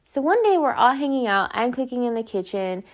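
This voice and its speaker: A woman in her thirties hosting a podcast, telling a story in a chatty, animated way full of fillers. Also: a little high, a little fast. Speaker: podcast host.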